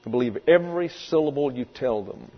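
With an expressive, medium-pitched voice and a fairly quick pace, a man preaches an expository sermon. This pastor is emphatic and vivid, now and then acting out voices in quotes, and the hall recording is reverberant, dull, lo-fi, and humming with mains noise.

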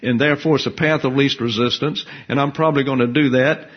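A man preaching a Bible teaching sermon in a measured, emphatic teaching manner. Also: medium pitch, fairly even intonation, highs cut off. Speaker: pastor.

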